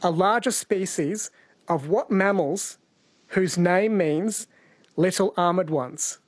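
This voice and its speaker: A man hosting a radio quiz, playful in casual chat and reading questions slowly. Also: high voice, dry recording. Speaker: radio host.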